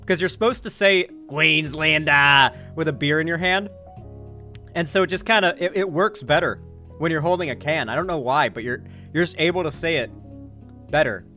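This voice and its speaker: A man's voice: a little high, fairly quick, a bit bright, faint music behind. A man doing casual live-stream commentary, rambling with lots of "like" and swearing freely.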